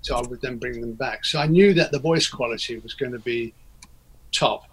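A man's voice: mid-range voice, moderate pace, fairly bright tone, breathy edge, low-quality recording. A man, a guest in a casual interview, talking in a rambling, hesitant way with many fillers and restarts. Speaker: interview guest, record producer.

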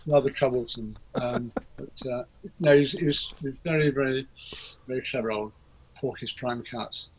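A man's voice: medium pitch, fairly even intonation, normal speed, darkish tone, poor audio. A man, a guest in a casual interview, talking in a rambling, hesitant way with many fillers and restarts. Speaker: interview guest, record producer.

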